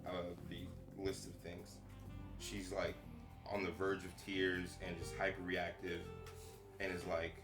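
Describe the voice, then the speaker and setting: A man's voice: sits low, monotone, measured pace. A young man on a podcast, telling a story in a casual, profane way with lots of fillers. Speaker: podcast co-host. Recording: echoey room with music behind.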